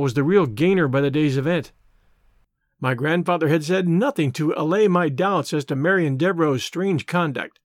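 A man reads a classic novel aloud in the first person, calm and measured. His voice sits a bit higher than most men's. The recording is close and dry, with no room sound. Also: no echo. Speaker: audiobook reader. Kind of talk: scripted narration.

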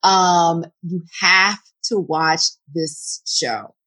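A woman co-hosting a casual chat, talking in a relaxed, chatty way with enthusiastic recommendations. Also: fairly low pitch, very slow. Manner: teasing, then enthusiastic recommending.

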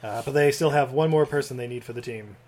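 Man, podcast co-host, relaxed movie recap, swears, frequent laughs, mid pitch. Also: fast talker. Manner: laid-back, swears, laughs often. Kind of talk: casual movie recap chat.

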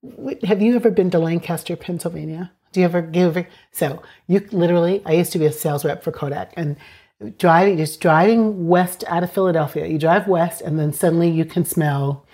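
A woman hosting a casual interview, warmly affirming and quick to agree with her guest. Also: fairly low pitch. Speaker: podcast host.

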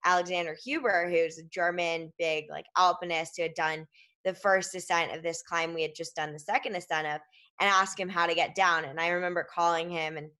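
A woman with a fairly low voice, speaking as a guest in a relaxed interview. She tells her story casually, leaning heavily on "like" and "um" as she goes. She stops along the way to explain the details step by step. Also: brisk. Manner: fills her speech with "like" and "um"; explains things step by step while telling a story.

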